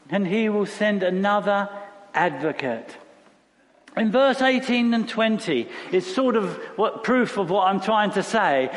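A man preaching a sermon in a conversational way, asking rhetorical questions and repeating phrases for emphasis. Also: a little high. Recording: long reverb of a large hall.

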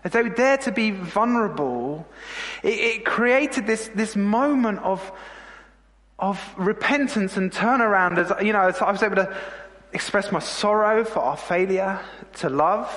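A man's voice: sits high, expressive, measured pace, a bit bright, long reverb tail. A middle-aged male pastor preaching an earnest, heartfelt sermon, sometimes repeating words when moved.

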